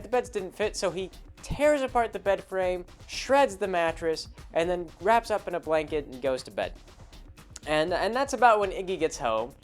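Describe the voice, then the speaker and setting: A man telling a rambling, casual story about a tabletop game, acting out the characters as he goes. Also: high-pitched. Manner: rambling, with many fillers and restarts, acting out characters. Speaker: podcast host telling a story.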